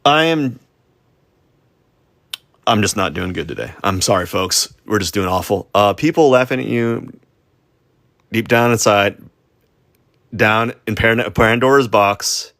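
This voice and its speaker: Gravelly guy rambling on a drawing livestream, dry close sound, keeps trashing his own art. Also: on the low side, measured pace, long pauses, fairly bright tone, no echo. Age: adult. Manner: rambling, self-deprecating, stuttering. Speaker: streaming artist. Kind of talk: casual livestream chat while drawing.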